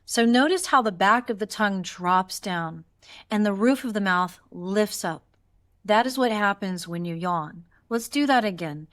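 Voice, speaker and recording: A woman voice teacher leading a guided vocal exercise, calm and encouraging, showing sighs and yawns as she talks students through each step. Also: mid-range voice.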